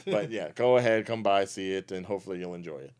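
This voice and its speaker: A man's voice: deep voice, fast, a little mellow, smooth. A man hosting a casual podcast chat, joking and rambling as he talks. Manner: joking, rambling, chuckles often. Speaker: podcast host.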